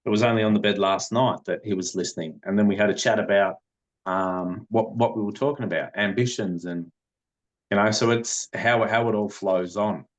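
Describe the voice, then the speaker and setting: A man's voice: on the low side, fairly even intonation, normal speed. A middle-aged man, telling his story as a podcast guest in an earnest, rambling way. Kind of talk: conversational interview.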